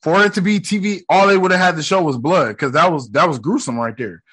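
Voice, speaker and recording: A man giving casual reaction commentary on a show, excitable and profane, full of slang, sometimes acting out lines. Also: on the high side, fairly quick, slightly rough. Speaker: reaction video host.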